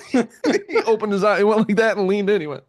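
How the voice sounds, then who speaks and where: A young man with a fairly high voice tells a rambling story in a casual chat. He's animated and keeps acting out what people said, swearing freely and breaking into laughs. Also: brisk. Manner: animated, acts out quotes, swears and laughs often.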